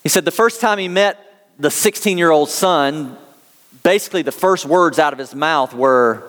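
A man's voice: fairly high pitch, moderate pace, fairly bright tone, big-room sound. An American man preaching a sermon as pastor, telling a story in earnest and reading scripture aloud. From United States.

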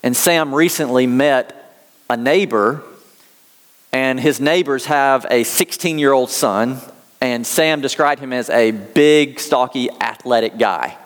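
A man's voice: mid-range voice, slow, big-room sound. An American man preaching a sermon as pastor, telling a story in earnest and reading scripture aloud. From United States.

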